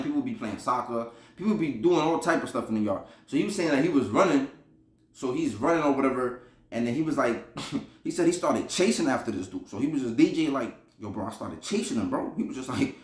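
A man's voice: mid-range voice, roomy sound. A man from Buffalo, New York, casually telling a rambling, slangy prison story, repeating himself and laughing as he goes. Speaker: podcast storyteller.

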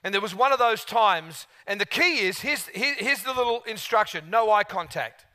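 Male preacher, animated storyteller, bright, ringing, high-pitched voice. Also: normal speed. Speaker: guest preacher. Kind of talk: sermon with storytelling.

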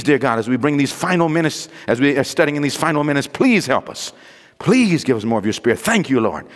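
A man preaching a sermon with a notably high voice, ringing through a church sanctuary with long reverb. He fires questions at the congregation and lets them answer, then drops into hushed asides before building back to loud exclamations. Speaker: pastor. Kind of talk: evangelistic sermon.

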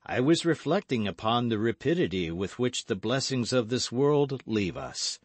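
A man's voice: mid-range voice, animated, moderate pace, dry recording. A man voicing a wistful young musketeer. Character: melancholy young male musketeer, pious and wistful.

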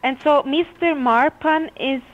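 A high-voiced woman taking a call at work, polite but puzzled and given to giggles. The audio is dull and lo-fi, as on a phone line. She speaks carefully. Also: a little slow.

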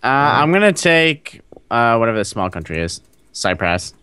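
Lively young man, exasperated gamer. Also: mid-range voice, moderate pace, clean tone, no room sound. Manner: exasperated, scolding. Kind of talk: casual gaming banter.

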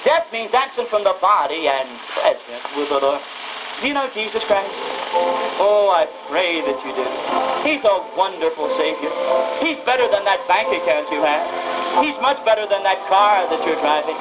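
A woman's voice: on the low side, animated, normal speed, heavy background noise. A woman preacher giving a radio sermon, reading scripture and driving her points home through emphatic, repeated phrases. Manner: reads scripture aloud and stresses single words.

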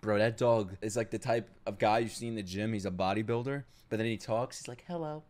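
A young man streaming his reaction to an anime, swearing, laughing and shouting out in bursts. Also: lowish voice, a little fast, slight background noise. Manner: excitable, swears a lot, loud outbursts and laughs. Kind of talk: live reaction commentary.

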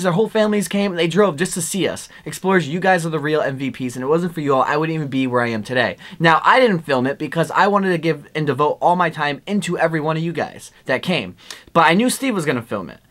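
Excited young American vlogger man. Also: a little high, fast talker. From United States. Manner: excited, chatty, lots of "like" and "dude". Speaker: exploring vlogger. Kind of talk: casual vlog talk to camera.

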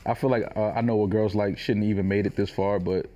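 A man guesting on a podcast, relaxed and stumbling over words in casual chat. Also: on the low side, fairly quick.

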